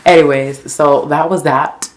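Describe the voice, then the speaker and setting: A man vlogging, telling embarrassing stories in an animated, dramatic way, full of fillers. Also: fairly high pitch, unhurried, very noisy. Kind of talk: casual storytelling to camera.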